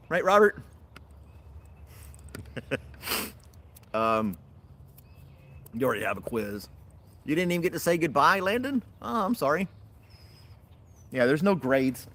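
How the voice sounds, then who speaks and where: Lively chatty man hosting a livestream. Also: mid-range voice, measured pace, pauses often. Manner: rambling, chatty, laughs often. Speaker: livestream host. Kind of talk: casual livestream chat with viewers. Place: outdoors in a backyard.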